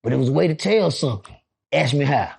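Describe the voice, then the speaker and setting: A man telling a story on a podcast in a casual, animated way, acting out voices and throwing in profane asides. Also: mid-range voice, fast, gravelly, breathy edge.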